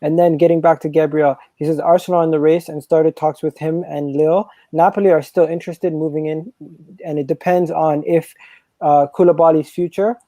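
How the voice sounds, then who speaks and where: A man chatting excitedly as a guest on a fan stream, often restarting his sentences. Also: fairly high pitch, a little fast, no room sound, poor audio. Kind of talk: casual fan stream chat.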